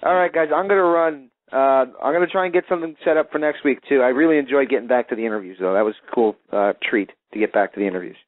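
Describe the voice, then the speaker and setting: A man's voice: mid-range voice, fast, hardly any pauses, no room sound. A man hosting a wrestling talk show, chatting casually and rambling with restarts. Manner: rambling, restarts with filler words. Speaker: radio show host. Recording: tinny phone-line sound.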